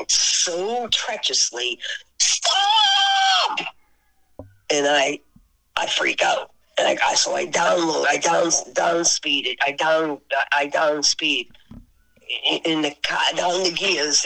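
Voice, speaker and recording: Older woman, lowish voice, lively storyteller, laughs a lot, radio-style sound. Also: gravelly, a little hiss or hum, poor audio. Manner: animated, laughing often, voices her friend's lines. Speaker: podcast guest, singer. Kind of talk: casual storytelling interview.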